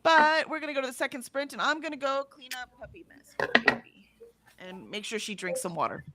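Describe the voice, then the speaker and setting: A woman's voice: high voice, animated, a little fast, very noisy. A woman hosting a casual livestream, reading viewer comments aloud in a chatty way and laughing often. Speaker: livestream host.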